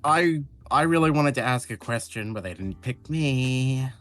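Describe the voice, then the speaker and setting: A man's voice: mid-range voice, animated, a little slow, fairly bright tone, faint music behind. A man from eastern Australia in casual chat on a stream, often chiming in with short agreements. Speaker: stream guest.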